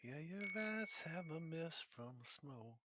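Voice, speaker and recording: A man playing a tabletop game, talking in a deadpan, unhurried way. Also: fairly high pitch, heavy background noise. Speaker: player. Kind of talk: casual tabletop game play. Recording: dull lo-fi mic.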